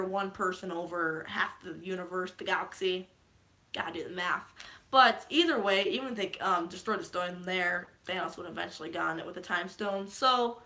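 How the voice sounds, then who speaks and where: A woman's voice: fairly low pitch, bright, forceful tone. A woman vlogger casually recapping a movie, rambling and gushing, with lots of fillers.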